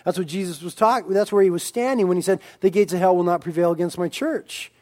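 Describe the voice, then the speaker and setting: A man with a notably high voice preaches to his congregation. He stretches key lines out slowly and loudly, then drops into quieter, conversational asides. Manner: emphatic preaching, swinging between loud drawn-out lines and quiet asides. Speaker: pastor. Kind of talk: sermon.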